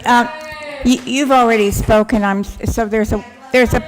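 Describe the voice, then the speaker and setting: A woman's voice: on the high side, fairly even intonation, moderate pace. A woman chairing a council meeting, making brief, polite procedural calls. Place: council chamber. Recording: noisy, crowded council chamber.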